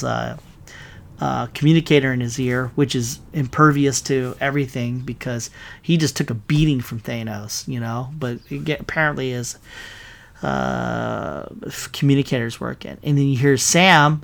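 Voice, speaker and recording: A man giving a breathless, casual recap of a film's climax. He swears freely, rambles, and keeps stopping to correct names and restart sentences. His excitement carries the whole story. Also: on the high side, vocal fry. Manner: frequent self-corrections and fillers. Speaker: vlogger.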